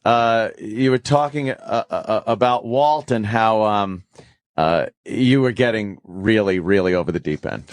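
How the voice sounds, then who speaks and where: A man's voice: on the low side, unhurried, dry recording. A middle-aged man hosting a radio talk show, joking and enthusiastic as he rambles through questions. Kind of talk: casual radio interview chat.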